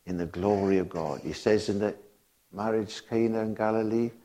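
Low-voiced male preacher in a sermon. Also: normal speed, dark tone, slight background noise. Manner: emphatic, asks the congregation rhetorical questions; reads and quotes scripture aloud.

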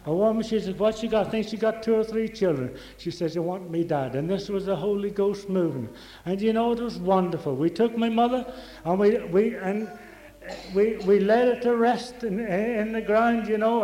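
A woman's voice: medium pitch, warm tone, reverberant, rough recording. An older woman giving a rambling, fervent religious testimony, repeating phrases and breaking into praise.

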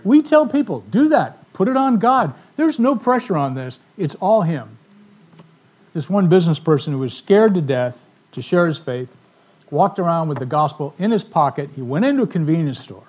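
A man telling stories in a sermon to a live audience, animated, acting out the voices of the people in his stories. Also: on the high side, moderate pace, husky. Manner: animated storyteller, acts out quoted voices. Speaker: ministry speaker. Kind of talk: storytelling sermon talk.

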